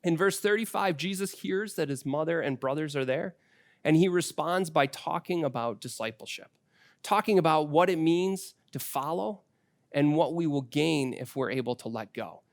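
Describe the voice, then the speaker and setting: A man's voice: fairly high pitch, expressive, moderate pace, no room sound, clean studio sound. A man in his forties preaching a sermon as pastor, telling family stories in a conversational way. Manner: conversational storytelling with personal anecdotes.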